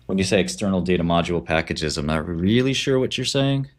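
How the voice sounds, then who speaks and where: Low-pitched guy streaming, blunt and offhand, trading talk. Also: lively intonation, a little fast, hardly any pauses. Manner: blunt, offhand, advice-giving. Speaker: livestream host and trader. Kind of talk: casual livestream chat.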